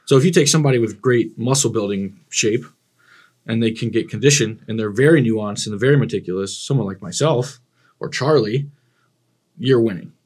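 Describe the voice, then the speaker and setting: A man's voice: lowish voice, a little fast, darkish tone, breathy edge. A man who coaches bodybuilders, talking bluntly and enthusiastically in a casual podcast chat, with plenty of swearing.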